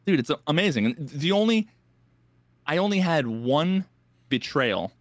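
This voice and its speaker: A man co-hosting a podcast, telling a gaming story in casual, animated talk, acting out other players in quick voices and swearing freely. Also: fairly high pitch, dry recording. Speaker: podcast co-host.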